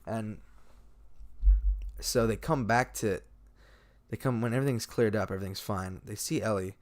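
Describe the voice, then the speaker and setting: Low-voiced young man rambling casually. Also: moderate pace. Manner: rambling, filler-heavy retelling with acted-out quotes. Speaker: podcast host. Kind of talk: casual chat.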